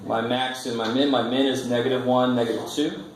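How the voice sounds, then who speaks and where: In an echoey classroom with faint noise, a man gives a college math lecture. His medium-pitched voice is flat and fairly quick, and he jokes casually while thinking aloud at the board.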